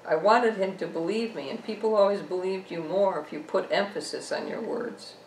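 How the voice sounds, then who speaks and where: A woman author reading her own novel aloud, telling a first-person story at a measured pace. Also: mid-range voice, a little hiss or hum. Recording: echoey room, distant mic.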